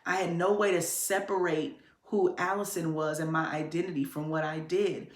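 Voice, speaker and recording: Low-voiced woman telling her story. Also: steady tone, moderate pace, roomy sound. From Detroit. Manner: candid, conversational, with sudden pitch jumps to demonstrate voices. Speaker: podcast host. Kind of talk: personal storytelling monologue.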